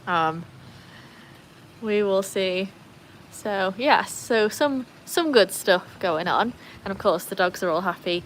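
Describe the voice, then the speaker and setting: A woman's voice: animated, takes it slowly, slight background noise. Chatty British woman livestreaming outdoors. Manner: chatty, laughing often, coos at dogs in a high voice. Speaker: livestream host. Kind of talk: casual livestream chat. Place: outdoors by a backyard pool.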